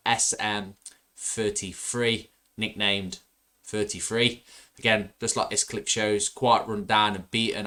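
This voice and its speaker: Low-voiced enthusiastic male co-host. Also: bright, forceful tone. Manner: enthusiastic, frequent fillers and restarts. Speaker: podcast co-host. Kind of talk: casual fan chat.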